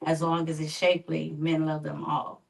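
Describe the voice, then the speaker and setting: A woman performing a spoken word poem at an open mic, reciting in a measured, rhythmic way. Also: low voice, completely flat delivery, gravelly, distant mic. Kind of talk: poetry reading.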